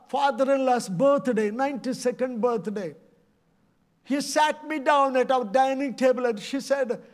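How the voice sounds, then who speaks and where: A middle-aged man from India, preaching a passionate, pleading sermon full of repeated phrases. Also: very high voice. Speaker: evangelist preacher.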